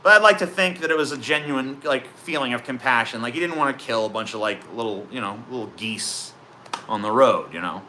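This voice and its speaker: A man's voice: medium pitch, fairly quick, sharp tone, a little hiss or hum. A man streaming live, chatting in a profane, sarcastic, rambling way as he answers his chat. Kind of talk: casual livestream chat.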